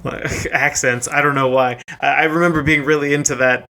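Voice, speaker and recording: A man's voice: fairly high pitch, steady tone, a little fast, pushed and bright. A man co-hosting a music podcast, chatting casually, rambling with lots of likes and ums. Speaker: podcast co-host.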